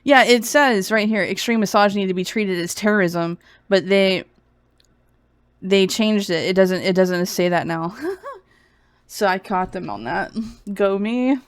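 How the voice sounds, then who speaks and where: A woman's voice: medium pitch, a little slow, clear, resonant tone. A young woman streaming sarcastic commentary, mocking and giggly, sounding a bit feverish.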